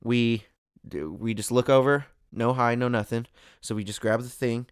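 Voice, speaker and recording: A young man hosting a podcast, telling a story in a casual, animated way and laughing often. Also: mid-range voice, moderate pace, clear, resonant tone. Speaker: podcast host. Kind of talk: casual chat.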